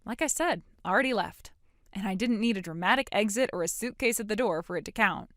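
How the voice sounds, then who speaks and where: In a dramatic voiced story, an actress plays the grown daughter, a blunt and sarcastic young woman defiantly breaking away from her mother. Her mid-range, slightly bright voice is expressive and fairly quick, captured in a dry, clean studio recording.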